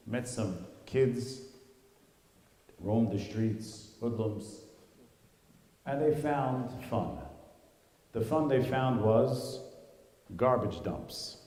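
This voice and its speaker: Mellow-voiced rabbi telling a story. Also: male voice, medium pitch. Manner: dramatic, varying storytelling delivery. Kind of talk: storytelling sermon. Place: school hall. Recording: reverberant hall.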